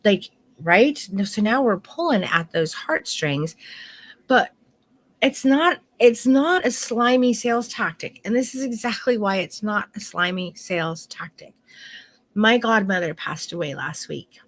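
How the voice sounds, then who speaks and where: A woman's voice: mid-range voice, expressive, unhurried, a bit bright. A middle-aged woman photography instructor teaching an online course in a heartfelt, candid way, swearing now and then.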